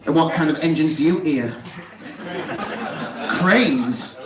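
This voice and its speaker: A man's voice: fairly high pitch, slow. A man compering a live comedy night, teasing the crowd, swearing and laughing along as he introduces acts. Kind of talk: stand-up compering with crowd banter. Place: live comedy gig venue. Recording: echoey room, distant mic, loud noise.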